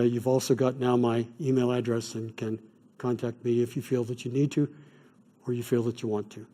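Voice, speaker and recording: A middle-aged man, a chaplain, teaching an evening class on grief care in an earnest, measured way, with stories from his work. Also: medium pitch, mellow. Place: classroom or church hall.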